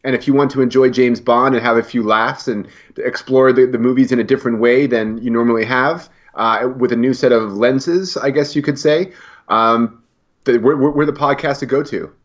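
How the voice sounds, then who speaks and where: A man's voice: medium pitch, steady tone, normal speed, muffled recording. A man co-hosting a casual podcast, wry and joking, sometimes stumbling over his words. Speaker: podcast co-host.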